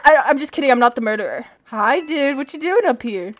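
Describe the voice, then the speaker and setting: A young woman giving casual livestream commentary while gaming, excitable and giggly, breaking into squeals and shrieks. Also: high-pitched, brisk, hardly any pauses. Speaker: gaming streamer.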